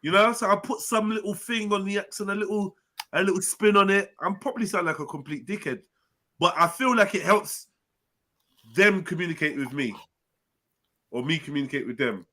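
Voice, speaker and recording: Bright-voiced animated man. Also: sits high, fairly quick. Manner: animated storyteller slipping into playful voices. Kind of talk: casual online panel chat.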